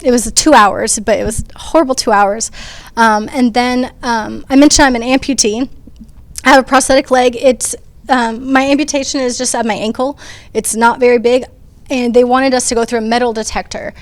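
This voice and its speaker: A woman's voice: a little high, steady tone, moderate pace, no room sound. A woman on a discussion panel, telling her own story in an earnest, conversational way with frequent ums and restarts. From United States. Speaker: panel speaker. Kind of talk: personal testimony in a panel discussion.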